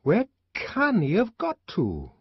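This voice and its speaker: A man's voice: high-pitched, huge pitch swings, slow pace, slightly rough, no echo, dull audio, voice pushed up, heavily acted. A man doing a fretful, exasperated friend.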